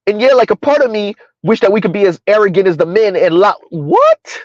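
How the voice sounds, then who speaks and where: A man's voice: high-pitched, fast talker, darkish tone, no echo, highs cut off. A man hosting a casual commentary stream, arguing in rhetorical questions, throwing in "right?" and "huh?", and answering viewer chat. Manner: rhetorical, repeats "who would have ever thought" and "right? huh?"; talks about himself in third person. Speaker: commentary host.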